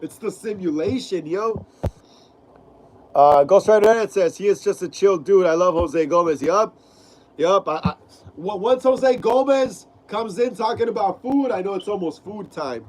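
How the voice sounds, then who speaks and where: A man with a fairly high voice hosts a casual live stream, reading out viewer comments. He is sick, and his clogged nose gives everything he says a stuffy, nasal sound. His delivery is loose and slangy, full of repeated phrases and "bro.". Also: darkish tone, a little hiss or hum, poor audio. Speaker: live-stream host of a horror film channel.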